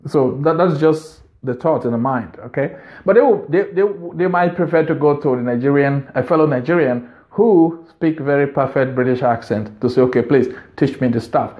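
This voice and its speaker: Earnest man with a slightly high voice. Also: normal speed, muffled recording. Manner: earnest, repeats phrases for emphasis. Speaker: video host giving business advice. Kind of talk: unscripted advice monologue.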